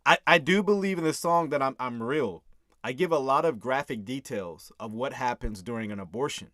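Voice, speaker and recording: Bright and forceful, a medium-pitched man speaks at a moderate pace with no echo, in studio quality. He's hosting an offhand breakdown of his own track, earnest throughout, chuckling and repeatedly checking in with "right?"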